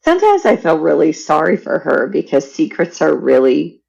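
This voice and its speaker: Gravelly, animated woman telling a story. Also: deep voice, normal speed, muffled recording. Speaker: podcast guest. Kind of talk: emotional personal storytelling.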